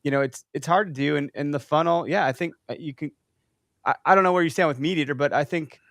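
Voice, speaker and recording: A man hosting a podcast, chatting and telling stories in an animated, casual way. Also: a little high, fast talker, no echo, clean studio sound. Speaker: podcast host.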